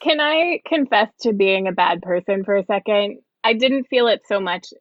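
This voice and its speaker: A woman's voice: mid-range voice, animated, normal speed, no room sound. A woman guest in casual podcast chat, gushing and giggly, with lots of fillers. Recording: dry, dull lo-fi sound.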